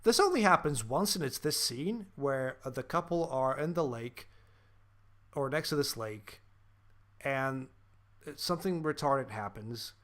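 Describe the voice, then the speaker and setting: A man's voice: mid-range voice, lively intonation, unhurried, fairly bright tone. A man hosting a podcast, ranting profanely and animatedly about a film in casual chat, with lots of fillers. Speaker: podcast host.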